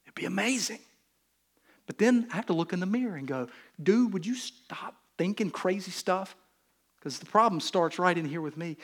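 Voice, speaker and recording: A male pastor with a Southern US accent giving a sermon in a conversational, joking way, acting out little quotes. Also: high voice. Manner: conversational, jokey, acts out quotes.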